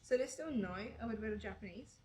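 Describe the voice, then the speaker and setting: A woman's voice: fairly high pitch, expressive, fast talker, dark tone, a little hiss or hum, rough recording. A young woman chatting casually as a tattoo client, rambling with many fillers and swearing. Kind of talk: casual chat.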